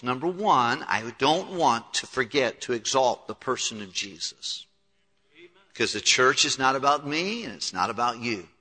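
A man's voice: medium pitch, bright, forceful tone. A man preaching a sermon as pastor, earnest and building to emphatic peaks, in a large church hall. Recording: long reverb of a large hall.

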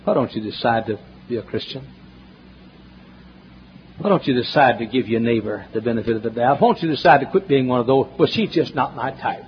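A man preaching a sermon, telling folksy stories and swinging between loud emphatic questions and hushed asides, in a church. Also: medium pitch, a little fast, long pauses, a little hiss or hum. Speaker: pastor. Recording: dull lo-fi sermon recording, faint ambience.

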